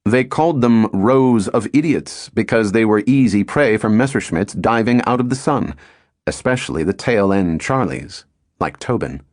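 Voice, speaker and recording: A man giving a steady, scripted audiobook narration of a wartime story. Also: fairly low pitch, moderate pace, dry recording, studio quality.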